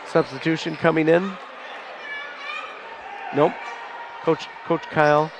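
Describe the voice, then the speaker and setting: A man in his forties calling a live high school basketball game with a stuffed-up nose, fond and folksy. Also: fairly even intonation, slow. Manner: fond, folksy, often near tears. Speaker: play-by-play announcer. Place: school gymnasium, in the stands. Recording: gym crowd noise behind the voice.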